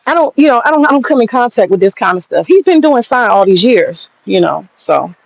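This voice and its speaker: An American livestream host with a fairly high, sing-song, gravelly voice talks a little fast, ranting bluntly and profanely as she reads the chat. The recording is dry and muffled.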